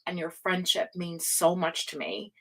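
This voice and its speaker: A woman with a lowish, flat, sharp-toned voice hosts a tarot livestream at an unhurried pace. She reads live comments and chats casually with viewers, rambling emotionally and laughing often.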